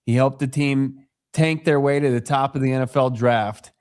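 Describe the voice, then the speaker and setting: A man's voice: mid-range voice, fairly even intonation, normal speed, darkish tone, clear, resonant tone. A man co-hosting a sports talk show, wry and teasing, often reading quotes aloud.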